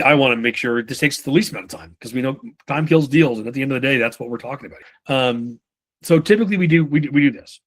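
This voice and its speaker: A man coaching sales reps in a relaxed, unpolished way, with frequent swearing and asides. He keeps slipping into short impressions of clients and reps to make his points. His voice sits at an ordinary middle pitch. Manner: casual, swears freely, acts out buyer and rep lines. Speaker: sales trainer. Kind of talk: live sales training session.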